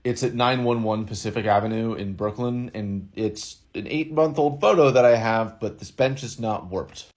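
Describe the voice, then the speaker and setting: A man's voice: lowish voice, moderate pace, hardly any pauses. A man giving an explanatory video commentary, methodical and reasoning step by step. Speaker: online commentator.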